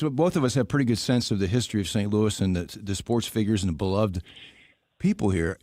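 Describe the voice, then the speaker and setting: A man's voice: mid-range voice, darkish tone, no echo, studio quality. A man hosting a radio talk show, speaking earnestly and with feeling. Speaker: radio host.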